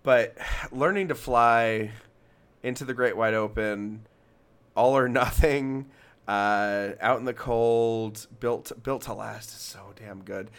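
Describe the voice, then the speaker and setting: A man's voice: medium pitch, slow pace, clear, resonant tone. A young man from Alabama, a podcast co-host in casual music chat, who rambles, reads passages aloud and restarts his sentences often.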